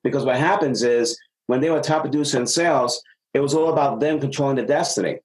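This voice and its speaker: A man with a mid-range voice talks fast on a low-quality recording. He's a business consultant handing out advice in a casual talk, animatedly telling stories and acting out the dialogue.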